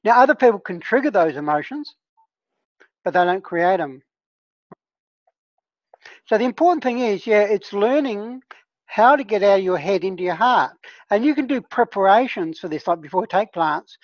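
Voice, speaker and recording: A woman's voice: mid-range voice, animated, moderate pace, long pauses, no echo, highs cut off. A woman who trains healers, leading an online discussion group in a casual, earnest teaching tone and often checking in with her listeners.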